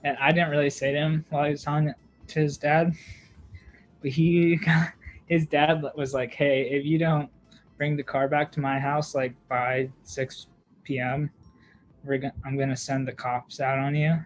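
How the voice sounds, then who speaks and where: A man's voice: a little high, little pitch movement, moderate pace, a little hiss or hum, rough recording. A young man, a podcast co-host, telling a long story in casual chat, with lots of fillers, "like" and laughter. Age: young adult.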